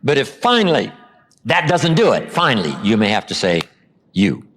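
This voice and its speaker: An older man giving a motivational seminar talk, acting out quoted lines with dramatic pauses. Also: medium pitch, wildly swooping pitch, a bit bright, slight background noise. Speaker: motivational speaker.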